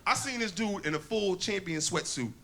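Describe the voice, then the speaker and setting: A man's voice: high-pitched, normal speed, creaky, heavy background noise. A man from Connecticut doing a stand-up set, telling stories in loose, profane slang. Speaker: stand-up comedian. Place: comedy club stage. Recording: live club crowd with laughter.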